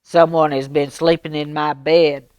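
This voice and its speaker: A woman voicing a big, gruff father bear who roars and booms. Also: steady tone, slow, dry recording, clean studio sound. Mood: bellowing. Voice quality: gruff, booming.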